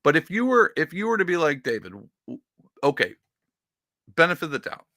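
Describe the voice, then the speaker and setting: A man's voice: a little high, big pitch swings, brisk, pushed and bright, no echo, clean studio sound. A man hosting a podcast, giving casual, rambling political commentary with sarcastic asides. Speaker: podcast host.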